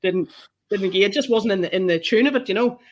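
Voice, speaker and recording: In a muffled recording, a woman talks at a quick pace in a mid-range voice. She's a Northern Irish photographer guesting on a podcast, chatting casually. Her stories come out animated and loaded with free swearing.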